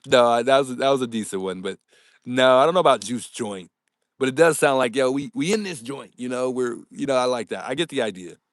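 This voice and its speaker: A young man hosting a casual livestream, upbeat and animated as he reads viewer comments and thanks his audience. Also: medium pitch, brisk, no room sound, clean studio sound. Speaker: livestream host.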